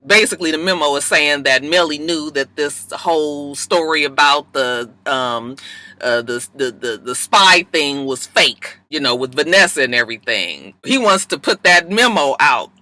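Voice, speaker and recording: A woman giving a casual TV episode recap, animated and profane, acting out characters' lines. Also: deep voice, moderate pace. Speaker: TV recap host.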